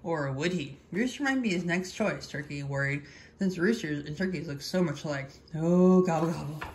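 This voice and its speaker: A woman reading a children's picture book aloud in an animated, expressive storytelling manner. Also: deep voice, normal speed, slight background noise. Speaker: storybook reader.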